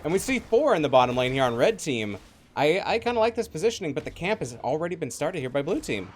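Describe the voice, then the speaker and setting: A man's voice: on the high side, quick pace. A man casting a video game match live, calling plays and reading chat. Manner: lively play-by-play, reads chat. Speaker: esports caster. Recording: slightly noisy online stream audio.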